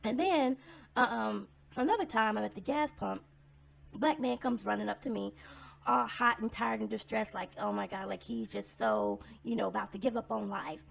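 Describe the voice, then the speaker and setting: Blunt, sarcastic woman with gravelly fry. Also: mid-range voice, lively intonation, moderate pace. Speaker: vlogger telling personal stories. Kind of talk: casual storytelling monologue.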